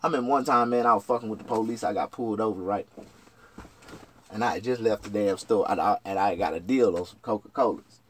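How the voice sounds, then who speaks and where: A man rambling through a profane, casual vlog monologue. He jumps from shouted outbursts to low mutters. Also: quick pace. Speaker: vlogger.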